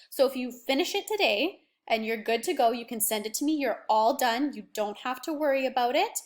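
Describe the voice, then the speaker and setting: A young woman teacher giving a remote phonics lesson to children, patient and encouraging, stretching words out slowly. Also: sits high. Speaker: primary school teacher.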